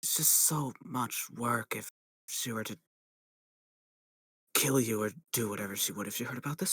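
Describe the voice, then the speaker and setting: Male player, halting, sighing delivery, dry mic. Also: medium pitch, fairly bright tone, husky, no room sound. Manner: halting, sighing, many restarts. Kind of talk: casual tabletop role-play.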